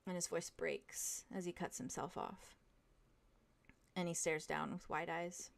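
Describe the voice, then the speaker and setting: A young woman runs a tabletop game as game master and tells the scene to her players in the second person. Her delivery is hushed and dramatic, and her voice sits low with a gravelly fry. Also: fairly even intonation, measured pace.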